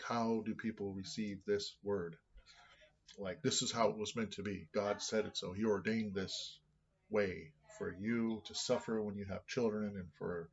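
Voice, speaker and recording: Low-voiced man reading aloud and musing. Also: highs cut off. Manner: thinking aloud, with many restarts. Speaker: vlogger reading scripture.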